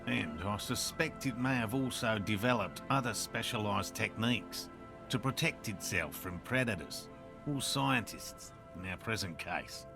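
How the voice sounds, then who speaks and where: An actor playing a dry, sarcastic, learned middle-aged cryptozoologist in a video game. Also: male voice, lowish voice, expressive, a little slow, gravelly, bright, forceful tone, full character voice. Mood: wry. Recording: game audio with music behind.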